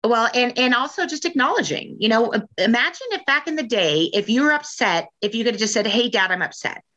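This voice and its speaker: A woman's voice: a little high, lively intonation, brisk, pushed and bright, muffled recording. A woman in her forties talking candidly in a casual conversation, rambling and frank, with lots of fillers. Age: 40s.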